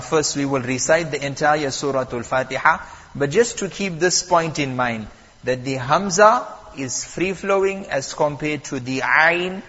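A man teaching Quran recitation at a mosque, calm and patient, repeating and stressing the key points. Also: a little high, breathy edge, in a large hall, muffled recording. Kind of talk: lesson on Quran recitation rules.

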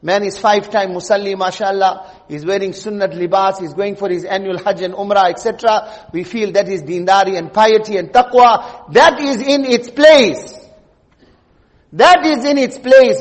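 Male preacher, very high voice, emphatic sermon delivery with repeated lines, long hall reverb. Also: normal speed, fairly bright tone. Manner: emphatic, rhetorical questions, repeats key phrases. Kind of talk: Friday sermon.

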